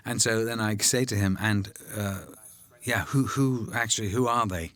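Older male actor, commentary chat; animated raconteur, slightly low voice. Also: normal speed. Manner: anecdotal, animated storytelling with voiced quotes. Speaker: actor discussing his film.

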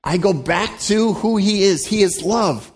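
A man's voice: sits high, unhurried. Conversational male pastor preaching. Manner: conversational and joking, acts out quoted voices. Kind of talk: sermon.

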